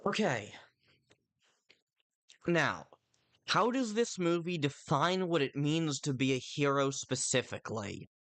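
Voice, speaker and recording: Rambling streamer with a lively pitch. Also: slow, pauses often. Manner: rambling, with frequent self-interruptions and restarts; chats directly to viewers in chat. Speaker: livestreamer reviewing a film. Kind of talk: casual stream commentary.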